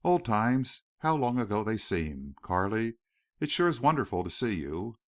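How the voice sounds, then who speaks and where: A man's voice: lowish voice, sing-song, unhurried, no echo, studio quality. A man voicing an earnest young veteran. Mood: wistful. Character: young male war veteran turned rancher, gentle and earnest.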